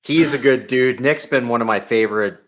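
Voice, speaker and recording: A man's voice: mid-range voice, fairly quick, fairly bright tone. A man talking as a podcast guest in casual chat, easygoing with many fillers. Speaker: guest, reviewer.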